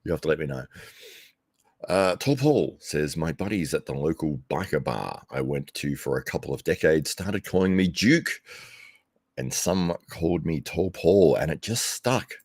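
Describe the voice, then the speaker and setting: His pitch is extremely low and his tone darkish, yet he sounds expressive at a moderate pace. The Australian man hosts a live commentary stream from a desk microphone without headphones, rambling easily, laughing frequently and self-correcting, all on a dry, clean studio recording.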